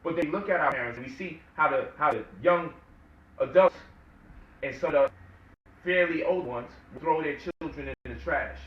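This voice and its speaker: A man's voice: on the high side, highs cut off, slight background noise. A man giving an impassioned lecture-style talk, firing off rhetorical questions and mocking quotes. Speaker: guest speaker. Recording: echoey room, mic at distance.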